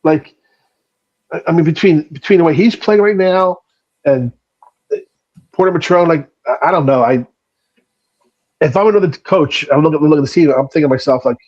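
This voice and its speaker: A man's voice: a little high, a little mellow, lo-fi sound. A man with a Delaware County accent chatting casually on a podcast, stumbling through repeated starts. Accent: Delaware County, Pennsylvania. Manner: halting, lots of repeated starts. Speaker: co-host, restaurant owner. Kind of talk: casual sports podcast chat.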